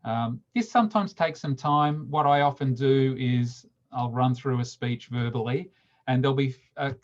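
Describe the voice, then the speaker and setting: A man's voice: mid-range voice, muffled recording. A man giving public speaking tips at a committee meeting, often repeating words and restarting phrases. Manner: slows down sharply to demonstrate emphasis. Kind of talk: instructional talk at a meeting.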